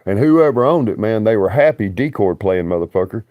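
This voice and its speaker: A man's voice: on the low side, lively intonation, fairly quick, no echo, phone-quality sound. A man, rambling bluntly and profanely on a livestream.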